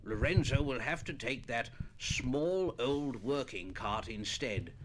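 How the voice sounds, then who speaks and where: A man puts on a fussy zoo director in a storybook record, tutting and repeating himself as he scolds. His voice rises and falls in a lively way, at a middling pitch. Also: slow, noisy background. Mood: fussy reproach. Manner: repetitive, dithering, tutting. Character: fussy, mildly cross male zoo director.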